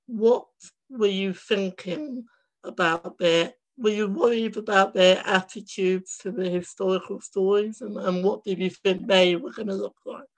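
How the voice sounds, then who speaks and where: A man's voice: sits high, fairly even intonation, unhurried, low-quality recording. A young man, a podcast guest, chatting casually with a rambling, hesitant flow. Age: young adult. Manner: rambling, lots of fillers and restarts.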